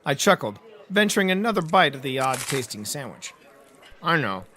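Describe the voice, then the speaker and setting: A man's voice: mid-range voice, very animated, moderate pace, bright, forceful tone, a little hiss or hum. A man narrating a first-person hard-boiled detective audiobook, with a wry storytelling delivery.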